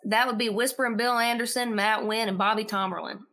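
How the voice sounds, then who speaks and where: A woman who writes and sings songs, telling stories as a guest in a casual, animated way and often repeating words as she starts a sentence. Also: fairly high pitch, a little fast. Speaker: singer-songwriter guest. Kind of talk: casual storytelling chat.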